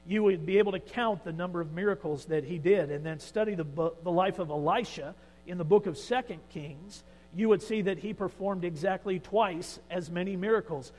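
A man with a high, bright preaching voice leads a sermon and tells the story with vivid emphasis. He drops to quiet asides, then rises again. A long reverb fills the hall around him. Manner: storytelling, shifting between hushed and emphatic. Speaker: pastor.

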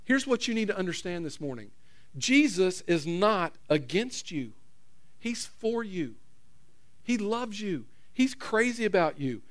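High-voiced middle-aged pastor, conversational sermon. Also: male voice, sing-song, measured pace. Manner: conversational, repeats phrases, questions the audience. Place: church.

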